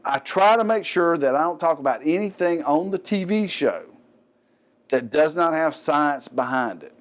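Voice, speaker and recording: A man's voice: fairly high pitch, lively intonation, moderate pace. A middle-aged man with a Southern American accent, hosting a fitness show and chatting casually about a product with joking asides. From Gulf Coast of the US. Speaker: host.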